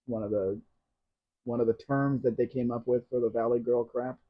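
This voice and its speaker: Over dull lo-fi stream audio, a man hosts a casual live question-and-answer stream, blunt and teasing, with opinionated asides. He speaks at medium pitch with a steady tone and a moderate pace.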